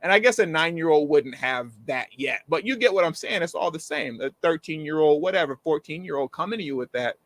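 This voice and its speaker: A man co-hosting a casual commentary chat, animated and slangy, acting out the people he quotes. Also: a little high, a little fast, few pauses, no room sound. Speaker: co-host.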